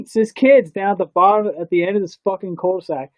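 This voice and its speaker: Man, podcast co-host, crude storyteller with a slightly high voice; dry, muffled stream audio. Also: quick pace, dry recording. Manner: laid-back, profane, animated storytelling with sound effects. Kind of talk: casual crude chat.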